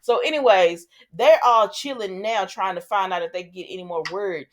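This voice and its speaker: A woman's voice: medium pitch, moderate pace, slight background noise. A woman hosting a casual soap opera recap, chatty and sassy, talking back to the characters.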